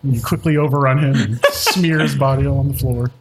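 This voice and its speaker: A man's voice: medium pitch, steady tone, brisk, noisy background. A man narrating a tabletop game as game master, rambling with many fillers. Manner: rambling, filler-heavy description.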